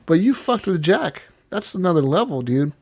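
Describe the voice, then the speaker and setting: Excitable, profane male podcast storyteller. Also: high voice, normal speed, husky. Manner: animated storyteller, acts out characters' lines. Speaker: podcast co-host. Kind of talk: casual profane game recap chat.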